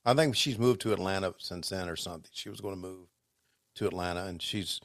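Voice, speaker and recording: A man co-hosting a podcast, chatting casually and telling rambling stories with many halting restarts. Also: sits low, no echo, studio quality. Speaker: podcast co-host, former wrestling commentator. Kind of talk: casual chat.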